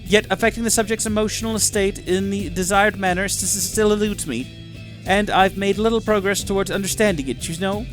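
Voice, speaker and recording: A man doing a curious alien researcher who talks in stiff, overly formal phrases and keeps tacking on questions. The voice sits high and light. Faint music plays underneath. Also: brisk, lightly acted. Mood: prim, inquisitive.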